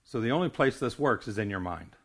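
A man's voice: lowish voice, expressive, fairly quick, husky. An older man preaching a sermon as a pastor, earnest, often stumbling and restarting his words.

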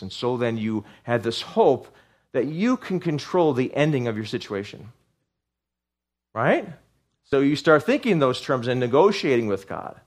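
A man's voice: mid-range voice, lively intonation, normal speed, pauses often. Male pastor, sermon delivery, conversational with restarts, rising to fervent peaks. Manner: earnest, rising to fervent outbursts; conversational, with restarts and asides to the congregation.

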